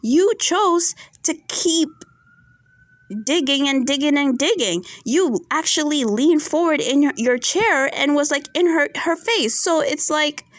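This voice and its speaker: A chatty, opinionated woman with a high, bright-toned voice talks through a reality TV episode and keeps asking her viewers "right?". She sounds dry and close, with no room echo. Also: lively intonation, a little slow. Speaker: reality TV reviewer. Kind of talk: casual commentary to camera.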